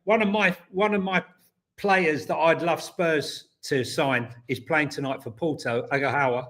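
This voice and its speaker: A man's voice: on the high side, steady tone, a little slow, fairly bright tone. A man, co-hosting a casual football podcast, rambling through stories with many ums and restarts. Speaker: co-host.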